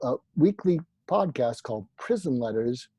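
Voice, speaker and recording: Animated man telling a story. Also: mid-range voice, normal speed, husky, dry recording. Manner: animated anecdotal storyteller, acts out quotes. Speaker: psychiatrist guest. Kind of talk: storytelling interview answers.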